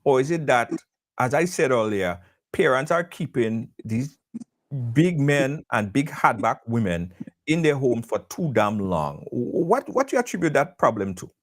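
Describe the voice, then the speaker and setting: A man's voice: mid-range voice, sing-song, measured pace. A man hosting a call-in talk show, heatedly ranting. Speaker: radio show host.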